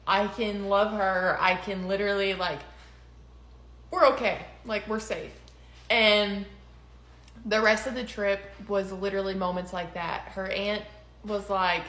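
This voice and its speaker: A woman's voice: mid-range voice, fairly even intonation, unhurried, fairly bright tone, echoey room. A young woman in casual conversation, telling a personal story with lots of laughter and quoted voices. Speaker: podcast co-host.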